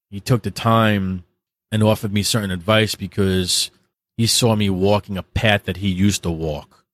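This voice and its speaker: Man, very low voice, dry close sound, blunt, profane, vivid storyteller, interview guest. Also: dry recording. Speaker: podcast guest.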